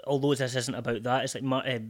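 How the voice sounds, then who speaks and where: A man's voice: mid-range voice, little pitch movement, quick pace. A Scottish man, a sobriety coach, talking thoughtfully in a casual podcast conversation.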